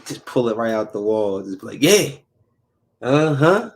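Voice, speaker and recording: A man with a low, gravelly voice hosts a casual solo podcast. He talks bluntly in loose slang and keeps circling back to the same points. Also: level tone, fairly quick, mellow. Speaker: podcast host.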